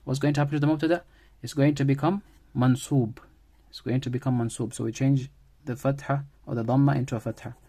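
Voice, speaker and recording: Quick yet mellow, with fairly even intonation, a middle-pitched man teaches grammar in a patient, classroom style. He circles back to key phrases and illustrates every point with everyday examples.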